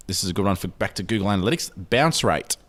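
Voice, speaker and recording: Aussie guy hosting a podcast, kinda low voice, chatty, restarts a lot. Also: animated, quick pace, fairly bright tone. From Australia. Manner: chatty, loose, restarts often. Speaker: podcast host. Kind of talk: casual podcast chat.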